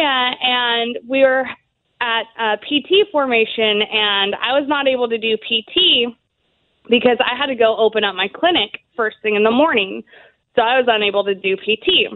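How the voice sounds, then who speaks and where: Woman, casual storyteller, laughs a lot, slightly high voice, tinny phone-line sound. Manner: chatty, laughs often, fillers like "like" and "um". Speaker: guest, Army veteran.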